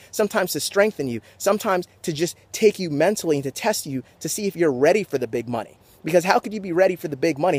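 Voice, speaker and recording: A young man giving an energetic motivational talk to camera, just off a sports game. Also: fairly high pitch, slightly rough, no room sound. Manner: energetic, pumped up, preachy. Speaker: motivational vlogger.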